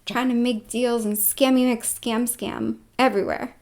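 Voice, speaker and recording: A woman with a high voice talks straight to the camera in a loose, rambling monologue. She fills her talk with fillers and swings between loud stretches and hushed ones. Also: fairly even intonation, normal speed, vocal fry. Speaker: vlogger.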